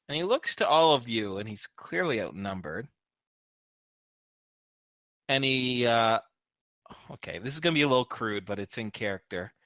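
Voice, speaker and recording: A man narrating as game master in a casual tabletop session, animated and often laughing. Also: mid-range voice, no echo. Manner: animated, laughing, loose with fillers.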